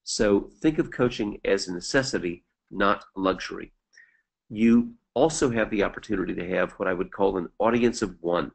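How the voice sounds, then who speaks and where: Low gravelly man hosting a webinar. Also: rough recording. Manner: earnest, deliberate, repeats key points slowly. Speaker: webinar host. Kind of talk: presenting a webinar.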